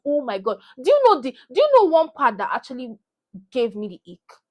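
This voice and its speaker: A young woman with a Nigerian accent rants about a film straight into her phone camera. Her voice sits a little high, and she drives her points home by saying them again and again. It has the loose, heated energy of a casual vlog. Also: very animated, normal speed. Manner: heated, emphatic, repeats herself for emphasis. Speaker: vlogger. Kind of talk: animated movie rant.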